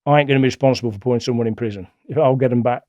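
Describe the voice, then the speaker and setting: A middle-aged man, a guest telling stories in a blunt, colloquial, animated way. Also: mid-range voice, racing, dry recording, lo-fi sound. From England. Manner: blunt, colloquial, animated retelling with acted-out quotes. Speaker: interview guest. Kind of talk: casual storytelling.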